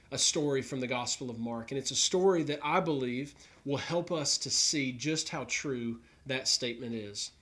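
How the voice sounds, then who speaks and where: A man's voice: medium pitch, a bit bright. A man preaching an Easter sermon, telling a Gospel story earnestly and voicing the characters' thoughts. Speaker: pastor. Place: New York.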